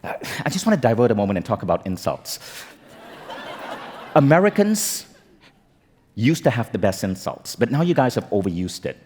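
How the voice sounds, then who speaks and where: A man's voice: fairly low pitch, normal speed, pauses often. Joking male speaker in a big hall. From Malaysia. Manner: animated joking storyteller. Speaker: keynote speaker. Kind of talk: humorous motivational talk. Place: large event hall. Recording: stage talk with long hall reverb.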